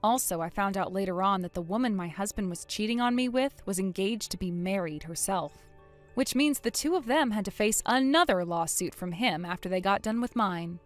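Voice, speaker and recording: A woman narrating a first-person story in a measured, matter-of-fact way. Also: medium pitch, animated. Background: soft music.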